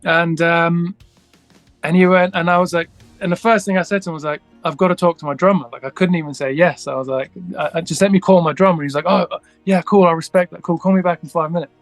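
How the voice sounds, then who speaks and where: A man's voice: fairly high pitch, steady tone, fast talker, no room sound, soft background music. A man, a guest musician, telling a long story in a casual interview, rambling with many restarts and acting out the dialogue.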